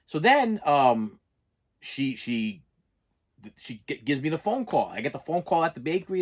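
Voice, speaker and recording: A man's voice: a little high, sing-song, normal speed. Middle-aged guy rambling thru his story, repeats himself a lot, blunt and emphatic. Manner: rambling, repeats phrases and restarts often; plain-spoken, emphatic. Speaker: channel host. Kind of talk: personal storytelling monologue.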